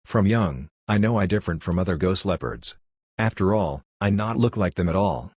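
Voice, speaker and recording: A man voicing a blunt, ruthless girl raised by ghost leopards, speaking in flat, matter-of-fact broken English. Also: deep voice, normal speed, breathy edge, dry recording. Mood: calm. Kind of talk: audiobook character voice.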